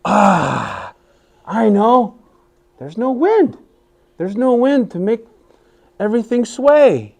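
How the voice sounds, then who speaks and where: A man's voice: high-pitched, sing-song, slow pace, gravelly, pauses often, darkish tone, voice pushed up, full character voice. A man voicing a sly, boastful male coyote trickster in a children's story, eager and scheming. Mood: puzzled.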